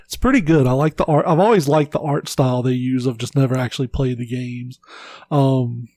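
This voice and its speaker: A man's voice: medium pitch, a little fast, warm tone, no echo. A man hosting a casual podcast, telling stories in a laid-back, rambling way with lots of filler words. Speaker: podcast host. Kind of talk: casual chat.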